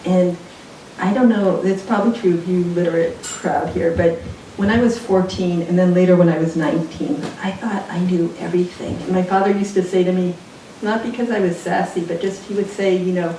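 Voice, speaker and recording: A woman's voice: fairly low pitch, steady tone, a little fast, mellow. Reflective woman in an echoey bookstore. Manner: reflective, digressive storyteller. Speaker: author at a book event. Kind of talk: live onstage conversation. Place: bookstore event space with audience. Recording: very echoey room, mic far off, faint noise.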